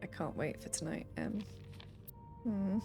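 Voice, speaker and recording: A woman's voice: fairly low pitch, expressive, measured pace, vocal fry, music in the background. A young woman streaming a game, reading letters and notes aloud with playful asides.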